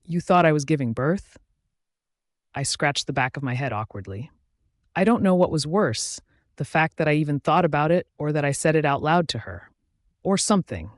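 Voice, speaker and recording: A man reads a first-person audiobook in a casual, conversational manner. His pitch sits in the middle, and the recording is close and dry. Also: no room sound. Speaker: audiobook narrator.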